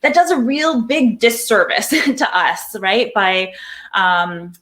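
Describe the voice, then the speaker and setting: A woman's voice: medium pitch, expressive, slow pace, fairly bright tone. A middle-aged woman, a psychology professor, answering interview questions in a thoughtful, explanatory way, sometimes repeating words as she thinks.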